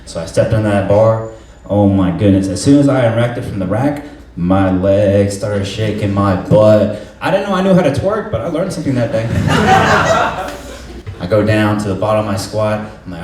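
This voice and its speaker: A man's voice: on the low side, big pitch swings, moderate pace, darkish tone. A young man performing a stand-up comedy set, telling stories in a laid-back way and laughing at his own jokes. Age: young adult. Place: live comedy venue with audience laughter. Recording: roomy hall sound, mic at a distance, faint noise.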